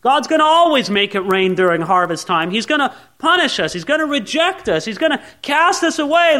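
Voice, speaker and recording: Man, middle-aged pastor, high voice; earnest sermon delivery, shifts from hushed to pleading. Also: sing-song, normal speed. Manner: earnest, swings between quiet asides and raised pleading.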